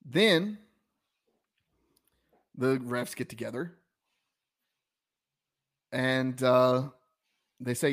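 Southern male podcast co-host, casual, rambling storyteller, mid-pitched. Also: very slow, long pauses. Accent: Southern American. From American South. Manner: rambling, many restarts, animated storytelling. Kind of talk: casual sports chat.

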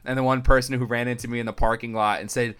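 A man's voice: fast, clean tone. A young man chatting casually on a sports podcast, telling stories and acting out what others said with big jumps in his voice. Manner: animated storyteller, acts out quotes with big pitch jumps. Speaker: sports reporter and podcast guest.

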